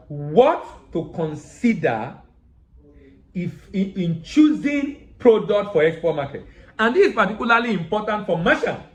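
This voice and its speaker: A man's voice: high voice, roomy sound, rough recording. A man hosting a business lesson, talking straight to his viewers, working through a numbered checklist and repeating his key phrases for emphasis. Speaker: export business educator, show host. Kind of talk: instructional talk to camera.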